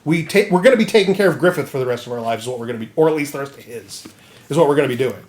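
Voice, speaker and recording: A man hosting a podcast, recapping a story in an animated, rambling comedic way. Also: mid-range voice, racing. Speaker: podcast host.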